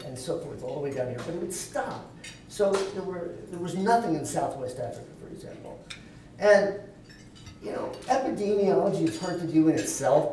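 A man's voice: on the high side, mellow, slight background noise. A man giving a keynote talk at a dinner event, telling a long anecdotal story with touches of light humor. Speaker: keynote speaker. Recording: echoey hall, voice from far off.

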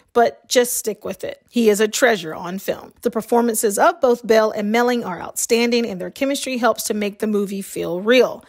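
A woman with a light Southern US accent and a slightly high voice narrates a film review. She reads in an even, measured way, as if from a script, setting out each point in turn. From Southern United States.

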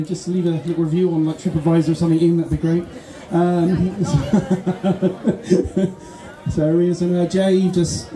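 A man's voice: high-pitched, echoey room. Jokey man hosting a contest. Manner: jokey, teasing, shouted countdowns. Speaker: contest compère. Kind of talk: live event hosting. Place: outdoor festival in the sunshine.

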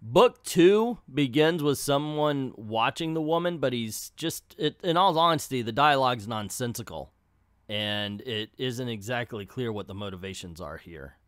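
A man's voice: medium pitch, lively intonation, moderate pace, no echo, clean studio sound. A man hosting a casual comic book recap with offhand, wry commentary. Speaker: comics video host.

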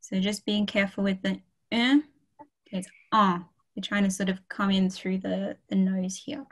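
A woman's voice: mid-range voice, monotone, moderate pace, low-quality recording. A young woman tutoring a beginners' French class online, chatty and encouraging, with frequent fillers. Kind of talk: online language lesson.

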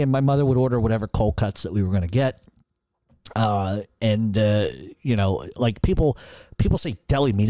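Male podcast host, casual monologue, swears freely, rambles and restarts, low dark voice, dry close sound. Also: animated, fairly quick, dry recording. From Providence, Rhode Island. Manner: profane, rambling with frequent restarts.

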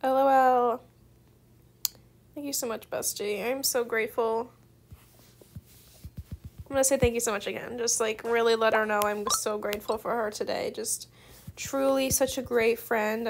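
Young female student gamer, gushing and excitable; high-pitched with a gravelly fry. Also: normal speed, a little hiss or hum. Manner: gushing, effusively grateful, giggly. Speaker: gaming video creator. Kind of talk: excited gameplay commentary.

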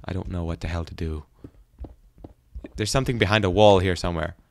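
A young man giving jumpy, frightened let's play commentary, often breaking into loud exclamations. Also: deep voice, fairly quick, vocal fry. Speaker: gaming YouTuber.

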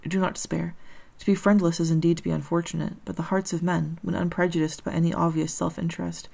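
A woman's voice: fairly low pitch, quick pace, vocal fry. Woman reading as a kindly blind old man. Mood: consoling. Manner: calm, consoling, formal.

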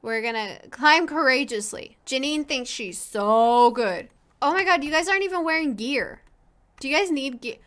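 A woman's voice: high-pitched, lively intonation, normal speed, fairly bright tone. A woman hosting a casual let's play, commenting in a profane, exasperated, self-mocking way.

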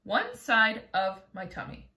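A woman reads aloud as a wise old grasshopper who plays the violin, talking with gentle pride and a lecturing air. The voice sits bright and lively with a roomy echo around it. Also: fairly high pitch, takes it slowly, full character voice.

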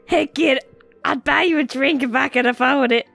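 A brash, friendly older drinker from a video game, drawling in a put-on American country twang, as a woman reads her lines aloud. The voice sits a little high. The recording is close and dry. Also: moderate pace, vocal fry, fairly bright tone, no room sound, faint music behind.

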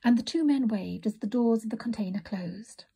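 A woman narrating a children's storybook in a soft, often whispered reading voice. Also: on the high side, moderate pace, gravelly, husky.

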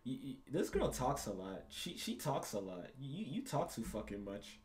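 A man's voice: medium pitch, big pitch swings, moderate pace, darkish tone, a little hiss or hum. A young man commenting on a game in a crude, rambling way, swearing often, repeating himself and laughing at his own jokes. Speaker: gaming YouTuber. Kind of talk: casual commentary reacting to a game.

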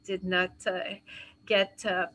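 A woman with a French accent teaches dentists in a live webinar. She talks from her office in a halting way and fills her pauses with "uh". Her voice comes through a video call. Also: lowish voice, little pitch movement, a bit bright, rough recording. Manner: halting, many fillers and restarts. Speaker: dental educator. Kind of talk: webinar lecture with Q&A. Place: dental office.

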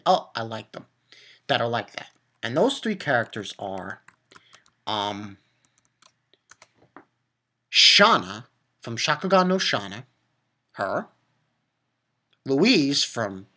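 Man, casual review, lively swooping pitch, bright voice, rambling, profane rants. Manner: animated, profane, exasperated ranting; rambling with restarts and filler. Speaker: anime reviewer. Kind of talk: casual spoken episode review.

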